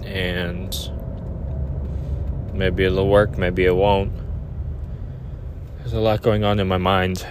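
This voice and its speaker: A man's voice: deep voice, flat delivery, slow, pauses often, a little hiss or hum. A young man vlogging from his car, close to tears, rambling and criticizing himself. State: on the verge of tears. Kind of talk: confessional selfie vlog.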